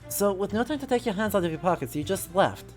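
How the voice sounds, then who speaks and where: A woman's voice: medium pitch, animated, quick pace, darkish tone, faint music behind. A woman streaming a game, reading it and adding dry, wry remarks. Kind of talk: live game reading and commentary.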